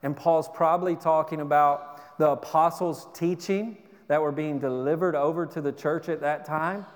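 High-ish guy pastor, earnest sermon, repeats himself, echoey church. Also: steady tone, moderate pace. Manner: earnest, repeats words, drops to a soft low voice for emphasis.

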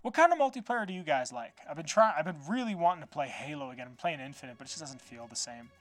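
Brief: male podcast host, rapid, loose and profane, dry close sound. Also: on the high side, very animated, dry recording, soft background music. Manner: rambling, loose, swears, lots of "like" fillers. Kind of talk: casual solo podcast chat.

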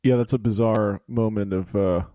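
A man hosting a casual chat, thinking aloud with hesitant pauses. His voice is low-set and mellow, and recorded dry. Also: steady tone, no room sound. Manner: musing, hesitant.

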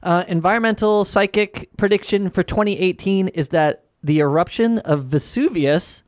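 Wry, teasing podcast co-host. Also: male voice, sits high, normal speed, no room sound, clean studio sound. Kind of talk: casual chat.

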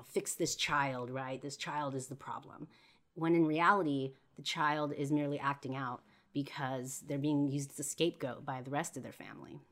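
A young woman hosting a podcast, telling a personal story in a rambling way full of "you know" and "like". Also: low voice. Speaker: podcast host.

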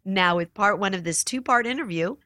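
Female announcer for a radio intro, crisp bright tone, dry studio sound. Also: medium pitch, fairly quick, no room sound. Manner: polished, clear read. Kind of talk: scripted announcement.

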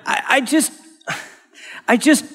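A man's voice: slow pace, a bit bright. A man preaching voices a flustered male believer who stammers and pleads in a comic sermon skit.

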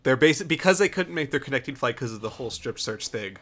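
A man's voice: medium pitch, expressive, fast talker, fairly bright tone. A man hosting a podcast, rambling as he retells film scenes in casual chat. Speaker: podcast host.

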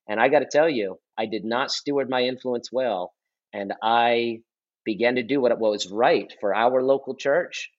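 A man in his thirties, a pastor, recounting his story with earnest conviction and often circling back over his own phrases. His voice sits at an ordinary middle pitch. The recording sounds a little dull and lo-fi. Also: normal speed. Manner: earnest storytelling, repeats and restarts phrases for emphasis. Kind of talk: conversational testimony on a podcast. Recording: slightly dull lo-fi audio.

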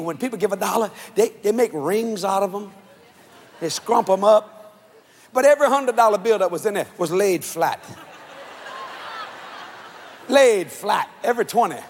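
A man preaching a sermon to a convention crowd, shouting and swinging his pitch up and down. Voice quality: husky. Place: large church or convention hall. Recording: long hall reverb.

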